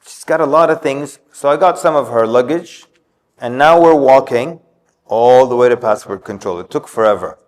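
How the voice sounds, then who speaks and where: A man's voice: mid-range voice, moderate pace, darkish tone. Man storytelling in a reverberant mosque hall. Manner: storytelling, acts out quotes. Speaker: community speaker. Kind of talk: informal religious talk on parenting.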